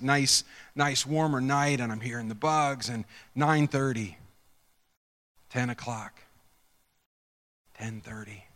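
A man preaching a sermon, telling a personal story with animated swings from hushed whispers to shouts. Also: medium pitch, long reverb tail. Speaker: pastor.

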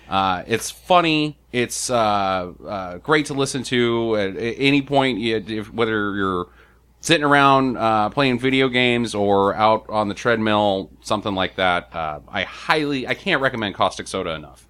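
A man's voice: fairly low pitch, unhurried, fairly bright tone, clear, resonant tone. A man hosting a podcast, chatting casually with an enthusiastic, jokey manner. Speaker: podcast host.

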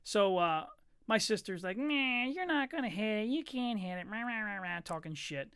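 A young man hosts a casual podcast, recorded on a studio microphone with studio-quality sound and no echo. His voice is high-pitched, clear, and resonant at a normal speed as he animatedly tells stories and swears freely.

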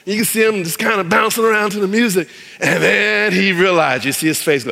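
A man's voice: high-pitched, a little fast, gravelly, sharp tone. A man preaching a sermon as pastor, telling a story animatedly and acting out the voices of the people in it, with long hall reverb.

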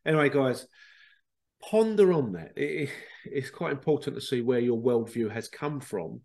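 A man talks alone into his podcast mic. His pitch sits in the middle of the male range. He rambles, repeats his words and keeps putting questions to his listeners. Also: animated, normal speed, vocal fry, a little mellow. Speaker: podcast host. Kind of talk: casual solo podcast monologue.

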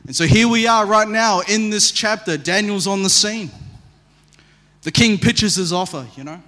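A man preaching a sermon as pastor, animated and storytelling, with humorous asides. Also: high-pitched, moderate pace. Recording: long hall reverb.

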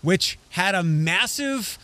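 A man co-hosts a casual discussion podcast, rambling, restarting often, and reading news excerpts aloud. His voice is high-pitched and expressive, slow, with a sharp tone.

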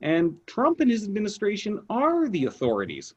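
A man's voice: high-pitched, wildly swooping pitch, normal speed, darkish tone, husky, muffled recording. A Canadian man with a Canadian accent, a guest on a podcast, chatting in a wry, joking way. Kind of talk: casual chat.

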